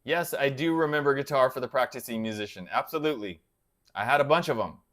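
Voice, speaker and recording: A man's voice: mid-range voice, fast, fairly bright tone. Man, casual livestream host, rambling, chatty, answers viewers by name. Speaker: guitar channel host reading live chat.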